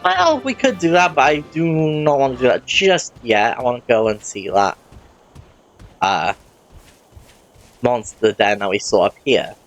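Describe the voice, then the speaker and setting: A man's voice: mid-range voice, lively intonation, a little slow, long pauses, faint music behind. Rambling man narrating gameplay. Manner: rambling, often corrects himself mid-sentence. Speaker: let's play host. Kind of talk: casual gameplay commentary.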